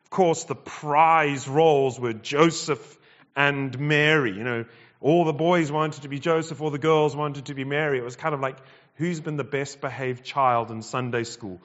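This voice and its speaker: A man preaching a sermon, emphatic and measured, repeating phrases and pausing between them. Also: fairly high pitch, a bit bright. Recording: dull sound with long hall reverb.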